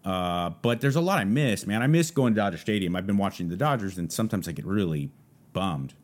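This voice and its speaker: A man's voice: low voice, animated, brisk. A man from Southern California hosting a podcast, rambling through a casual solo monologue full of fillers. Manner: rambling, loose, lots of fillers. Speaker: podcast host.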